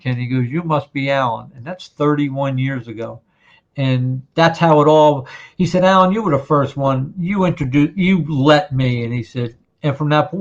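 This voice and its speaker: A man's voice: a little high, gravelly. A man in his fifties from New Jersey, hosting a casual chat and telling a long hunting story, acting out what others said. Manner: storytelling, acts out quotes of others. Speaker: podcast host. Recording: dull lo-fi sound.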